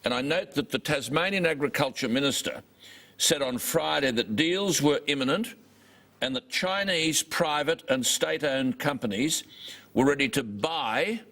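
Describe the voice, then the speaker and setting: An Australian man co-hosting an interview, pressing his points in a forceful, emphatic, rhetorical way. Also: mid-range voice. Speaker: co-host.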